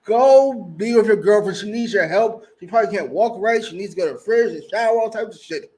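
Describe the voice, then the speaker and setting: A man's voice: sits high, a little fast, darkish tone, poor audio. A man co-hosting a casual wrestling review podcast, talking bluntly, profanely and mockingly. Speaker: podcast co-host.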